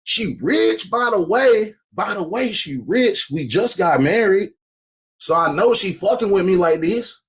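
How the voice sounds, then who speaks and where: A man putting on a jittery young man who pours out his words in loose slang. His voice sits high and swings wildly up and down. He pleads and rambles in a breathless rush. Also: expressive, measured pace, a little hiss or hum. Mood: boastful.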